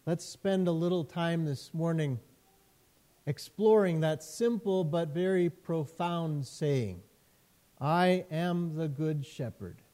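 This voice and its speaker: A man, a pastor, preaching a sermon in a measured way, repeating phrases with emphasis. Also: a little high, warm tone.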